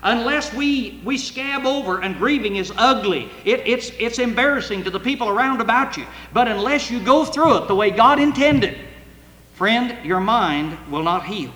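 An older man preaching a sermon with earnest emotion, at times rising to loud cries as he reads scripture. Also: very high voice, lively intonation, moderate pace. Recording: echoey hall with long reverb.

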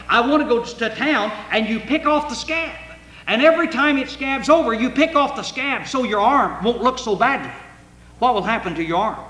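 An older man preaching a sermon with earnest emotion, at times rising to loud cries as he reads scripture. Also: extremely high pitch. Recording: echoey hall with long reverb.

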